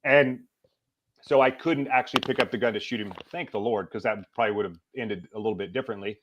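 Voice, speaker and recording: A middle-aged man, a podcast guest, tells a personal story in a casual, animated way and acts out the lines he quotes. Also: on the low side, fast, noisy background.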